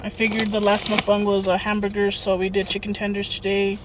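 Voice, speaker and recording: A young woman chats through a casual vlog in a bubbly, rambling way, her voice of middling height. She sits some way from the mic in a parked car, with an air conditioner humming clearly behind her. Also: medium pitch, monotone, a little fast, far from the mic, noisy background. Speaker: lifestyle vlogger. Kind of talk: casual chatty vlog talk. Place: inside a parked car under a tree. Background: air conditioner running.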